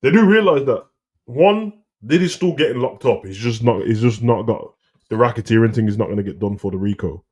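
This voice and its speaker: Co-host, man, slangy rambling talker, darker mellow tone. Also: medium pitch, a little fast, breathy edge. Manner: slangy, rambling, animated rants. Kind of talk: casual live chat.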